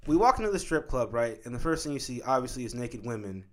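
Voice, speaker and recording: A man in a relaxed conversation, spinning a long comic anecdote. He swears freely and peppers his talk with "like" and "right?". His voice sits at an ordinary male pitch. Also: fast talker. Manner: loose and profane, many likes and rights. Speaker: filmmaker guest. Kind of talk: casual comic storytelling.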